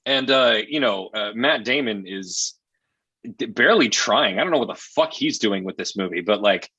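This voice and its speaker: A man's voice: fairly low pitch, animated, normal speed, sharp tone, breathy edge, dry recording, lo-fi sound. A man reviewing a film in casual chat, rambling and profane, often exasperated.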